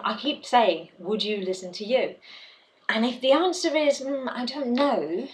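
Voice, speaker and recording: A woman's voice: mid-range voice, low-quality recording. Emphatic woman sales trainer. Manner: emphatic, repeats key words for effect. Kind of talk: direct-to-camera advice video.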